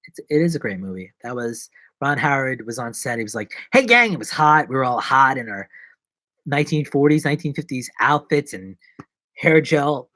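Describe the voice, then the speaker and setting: Talking to viewers on his live stream, a young actor and vlogger jokes and drifts from one thought to another at a moderate pace. His middle-pitched voice swings from loud outbursts to near-mumbles, and the sound is dry and close, with no room around it.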